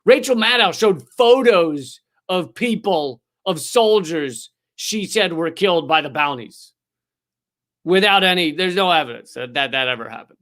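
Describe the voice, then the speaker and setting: A man's voice: fairly high pitch, lively intonation, measured pace. Sarcastic ranting comedy host, man. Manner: sarcastic, profane, swings between shouting and mock voices. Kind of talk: scripted comedic rant.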